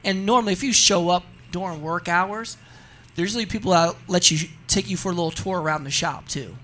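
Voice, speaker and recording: Radio guest, a man with a high voice, chatty and animated, laughing easily. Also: brisk, a little hiss or hum. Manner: animated storyteller, laughs often, says "you know what I mean". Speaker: racing guest. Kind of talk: casual radio interview chat.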